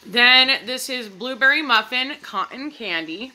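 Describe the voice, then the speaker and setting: A woman's voice: fairly high pitch, lively intonation, a little slow, pushed and bright, poor audio. A woman chatting casually to her viewers as she reviews candles, enthusiastic and talkative. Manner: chatty, enthusiastic, addresses viewers as "you guys". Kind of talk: casual product review vlog.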